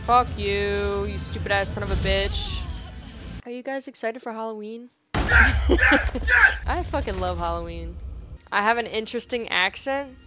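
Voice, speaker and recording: A young woman giving casual, profane gameplay commentary with sudden excited outbursts. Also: medium pitch, measured pace, pauses often, over loud music. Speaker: gaming channel host.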